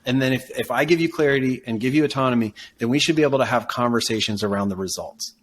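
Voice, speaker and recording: Man, coach guest, measured explanatory tone, mid voice, faint noise. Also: medium pitch. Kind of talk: casual interview conversation.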